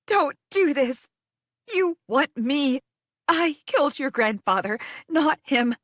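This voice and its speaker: A woman voicing a defiant young heroine who pleads and shouts in a raised, strained voice, in an audiobook. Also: high voice, lively intonation, slow pace, no room sound, pitched above the performer's own voice. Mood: desperate. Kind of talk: audiobook character voice.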